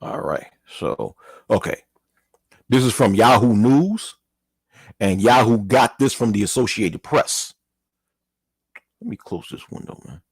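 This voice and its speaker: A man's voice: fairly low pitch, expressive, unhurried, long pauses, slightly rough, dry recording. A man hosting his own channel, reading a news article aloud and commenting in a casual way, with an apology or a mild curse now and then.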